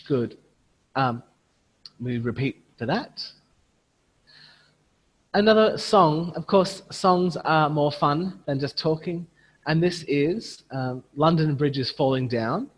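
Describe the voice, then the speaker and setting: A man's voice: fairly high pitch, lively intonation, takes it slowly, pauses often, fairly bright tone, slightly rough, big-room sound. A man running an online teacher training, demonstrating phonics sounds and chanting prompts as he would to young learners.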